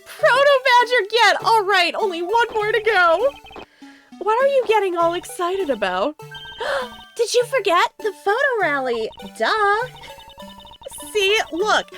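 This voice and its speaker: A woman reading out a cheerful, excited young woman's lines in a bubbly, exclaiming manner. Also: extremely high pitch, slow pace, soft background music, pitched above the performer's own voice, full character voice.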